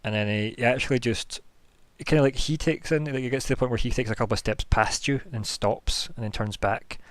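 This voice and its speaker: A man's voice: mid-range voice, a little fast, dry recording. Rambling man running a tabletop game. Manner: loose, rambling scene description full of hedging fillers. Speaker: game master.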